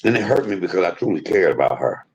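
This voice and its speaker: A man hosting a livestream, venting in an aggrieved rant that swings between loud outbursts and low muttering. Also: big pitch swings, fast talker, slightly rough. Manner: swears freely, talks straight to viewers. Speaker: livestream host.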